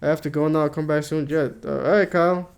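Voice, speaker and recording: Guy streaming a game, kinda high voice, jokey and swears a lot. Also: little pitch movement, quick pace, smooth. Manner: joking, swears freely. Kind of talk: casual chat while streaming a game.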